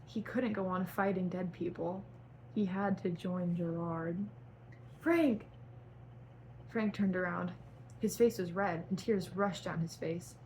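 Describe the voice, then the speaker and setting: A young woman with a lowish, slightly mellow voice reads her own fan fiction aloud melodramatically, pausing to cringe at what she wrote. It's a dramatic reading broken up by asides, captured on a low-quality recording with slight background noise.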